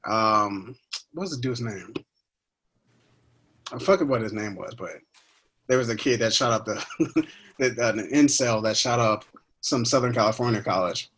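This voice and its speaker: A man's voice: mid-range voice, moderate pace, long pauses, a bit bright, breathy edge. A man in a casual chat, loose and joking, full of slang.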